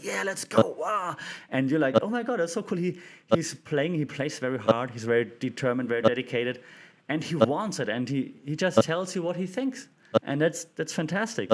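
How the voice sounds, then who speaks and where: Male podcast host, casual solo commentary; animated, chatty delivery with frequent fillers. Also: mid-range voice. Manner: animated, lots of "like" fillers and restarts; acts out quotes in playful voices. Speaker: media professional.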